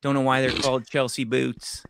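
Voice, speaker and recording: A middle-aged man, co-hosting a podcast and telling an animated story in casual chat, swearing freely. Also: medium pitch, normal speed, vocal fry, slight background noise. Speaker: podcast co-host.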